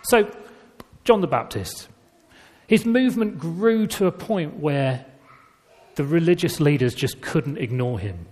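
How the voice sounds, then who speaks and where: A man's voice: fairly high pitch, a little slow. A man preaching a sermon in a conversational, storytelling way. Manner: conversational storytelling with lively emphasis. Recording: reverberant church hall.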